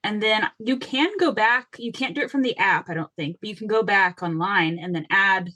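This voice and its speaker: A young woman who is a guest on a casual book podcast, friendly and quick to laugh as she chats. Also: medium pitch, bright, forceful tone, no echo. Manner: friendly, laughs between remarks.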